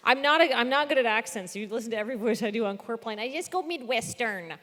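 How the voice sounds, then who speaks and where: A woman with a fairly high voice chats on a live panel and pokes fun at herself. Her words ring out in a big theater, with long reverb trailing after them. She was born in New Zealand and grew up in Canada. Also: animated, fast, a bit bright. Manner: self-deprecating, laughs often. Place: large theater stage.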